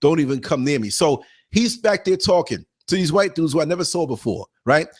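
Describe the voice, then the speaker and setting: A man hosting a podcast who tells a story in a lively, casual way, acting out what people said and repeating himself for emphasis. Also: on the high side, a little fast. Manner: animated, acts out quotes, emphatic repeats. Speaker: podcast host and former bus driver.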